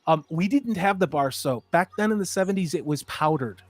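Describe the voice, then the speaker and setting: A man in his fifties chatting casually as a stream host, an animated storyteller who swings between loud and soft. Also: fairly high pitch, brisk. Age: 50s. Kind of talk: casual chat.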